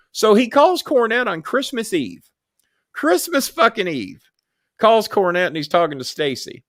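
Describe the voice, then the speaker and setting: A high-pitched man hosts a live show at a normal speed, captured in studio quality with no echo. He tells blunt, animated stories in a casual voice, swearing heavily.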